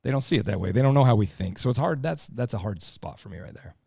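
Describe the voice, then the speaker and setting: A man's voice: mid-range voice, expressive, fast, creaky, a little mellow, slightly rough, no echo, clean studio sound. A middle-aged man talking casually on a podcast, blunt, profane and emphatic. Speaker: podcast guest, lineman.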